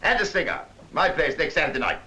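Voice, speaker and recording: An actor playing a curt, commanding rich baronet speaking on the telephone. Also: male voice, fairly high pitch, expressive, quick pace, very noisy, lightly acted. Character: gruff rich older male baronet on phone.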